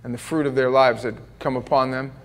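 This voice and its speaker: A man preaching a sermon in a church, telling stories in an animated way and joking at his own expense. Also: medium pitch, fairly quick. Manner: animated storytelling with self-deprecating jokes. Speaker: pastor. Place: church sanctuary.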